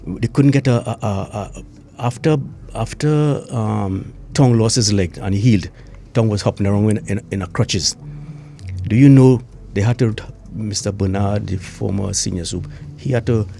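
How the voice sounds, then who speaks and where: A man's voice: on the low side, normal speed, gravelly, warm tone, slight background noise. An older man with a Trinidadian accent, a retired police inspector recounting events emotionally as a guest, full of local slang and repetition. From Trinidad and Tobago. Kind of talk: emotional interview recollection.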